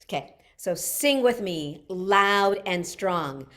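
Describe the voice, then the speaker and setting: A woman's voice: medium pitch, animated, slow, a bit bright. A woman leading a group sing-along, cheerful and joking, explaining the actions for each line. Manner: jokey, cheerful, self-deprecating. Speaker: group singing leader. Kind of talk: playful sing-along instruction.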